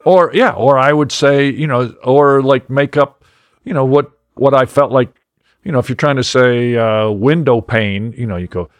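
A man's voice: medium pitch, moderate pace, dry recording. A man who is a magician guest, chatting casually in a rambling, self-deprecating way and laughing often. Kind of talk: casual podcast chat.

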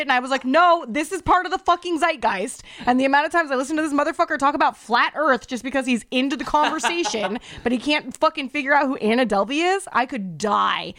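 A woman co-hosting a podcast in casual chat, telling stories in an animated, profane, ranting way. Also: high-pitched, quick pace, hardly any pauses, no room sound. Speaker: podcast co-host.

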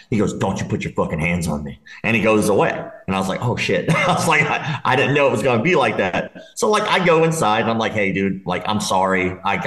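A man casually telling a long, profane party story, laughing as he goes. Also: medium pitch. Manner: animated, swearing, laughing while telling a story. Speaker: podcast guest. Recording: roomy echo.

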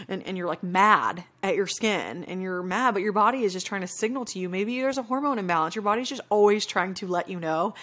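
A woman's voice: lowish voice, a little fast, fairly bright tone. A young adult woman hosting a solo podcast, talking in an earnest, reflective and casual way with many "you know" fillers. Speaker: podcast host.

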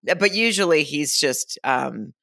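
A woman's voice: sits low, animated, takes it slowly, vocal fry, a bit bright, no echo, clean studio sound. A woman co-hosting a podcast in casual chat, rambling and correcting herself as she talks. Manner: rambling, self-correcting, laughs easily. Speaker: podcast co-host.

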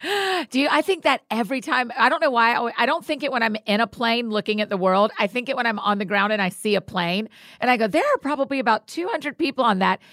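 A woman's voice: fairly high pitch, fast, a bit bright, no room sound. A woman hosting a casual conversation about faith, speaking in a reflective, encouraging way.

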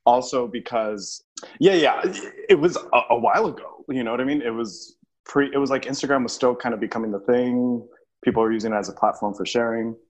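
A man being interviewed as a podcast guest, telling a personal story in an eager, animated way with many fillers. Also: medium pitch, brisk, rough recording.

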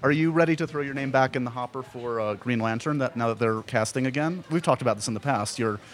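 A man's voice: mid-range voice, quick pace. A man interviewing a guest in a casual, playful way, laughing often and eagerly asking questions.

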